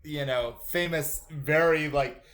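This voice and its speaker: A man with a fairly high voice co-hosts a podcast in loose, casual chat. He rambles through long tangents in an animated way and swears freely. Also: slow pace. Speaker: podcast co-host.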